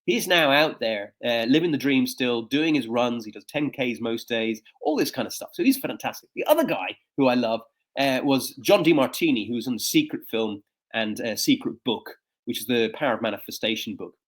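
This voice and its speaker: A man in his fifties tells stories in a conversational interview. His talk is animated, with frequent fillers and restarts. His pitch sits in a middle range. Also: moderate pace. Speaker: guest speaker and coach.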